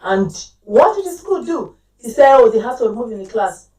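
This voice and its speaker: A woman's voice: fairly high pitch, very animated, moderate pace, a little mellow. A woman in her forties, a talk show guest, telling a personal story with emphasis and acting out what she said. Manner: emphatic, acts out her own quoted lines. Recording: roomy, distant mic.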